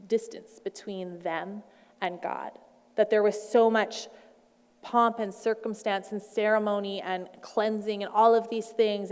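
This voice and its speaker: A woman's voice: mid-range voice, a little mellow. Woman preaching in a reverberant hall. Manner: conversational, with playful asides. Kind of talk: sermon.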